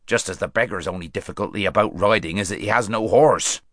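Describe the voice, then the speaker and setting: A man's voice: lowish voice, fast, a bit bright, no echo. A man voicing a dwarf, sardonic, dry delivery, storybook, close dry recording. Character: dry-witted male dwarf.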